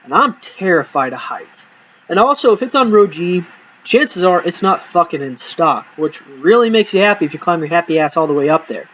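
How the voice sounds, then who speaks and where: A man's voice: a little high, normal speed, slight background noise, low-quality recording. A young man telling comic stories from his own life, swearing a lot and dropping punchlines with a straight face. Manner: profane, exaggerating, deadpan punchlines. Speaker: storyteller. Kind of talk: comedic personal storytelling.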